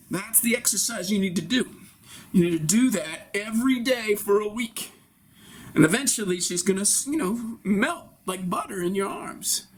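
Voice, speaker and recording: A man improvising a brash, crude male barbershop regular who lectures bossily and talks fast. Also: sits high, a little hiss or hum. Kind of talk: improvised comedy scene.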